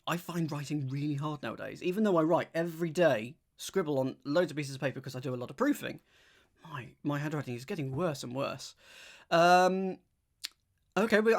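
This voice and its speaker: Man thinking aloud over clues. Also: on the high side. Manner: thinks aloud, reads clues slowly, chats with viewers. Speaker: streamer solving a crossword. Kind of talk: live-stream crossword solving, casual chat.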